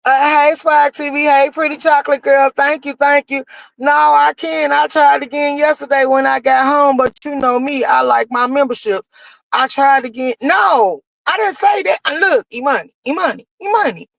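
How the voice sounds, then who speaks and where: A woman's voice: sits high, fairly even intonation, normal speed, vocal fry, fairly bright tone, no room sound, low-quality recording. Blunt woman livestreamer, dry close sound. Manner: blunt, talks back to chat comments. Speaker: livestream commentary host. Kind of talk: casual livestream commentary.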